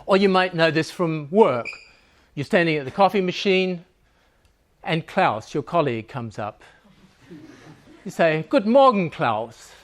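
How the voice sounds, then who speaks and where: A man's voice: a little high, lively intonation, measured pace, long pauses. A man giving a humorous talk to a live audience, joking and conversational, laughing at his own lines.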